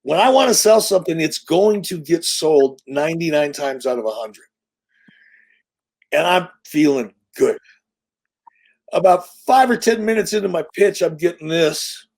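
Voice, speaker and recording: A middle-aged man tells a story in a casual interview, with a voice pitched a little high. He talks in an animated, profane, salesman-like way, full of confidence. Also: a little slow, gravelly. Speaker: interview guest.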